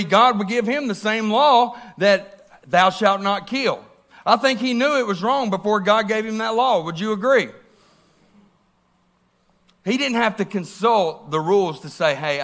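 A man preaches a sermon in a church, lively and questioning, often turning to the congregation. His voice sits high and has a bright, forward ring. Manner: animated, asks the congregation questions.

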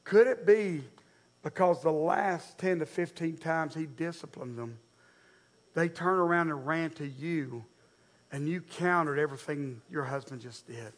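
A male pastor, delivering a sermon in a conversational, direct way. His voice sits notably high for a man. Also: measured pace. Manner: conversational, direct, addressing the congregation.

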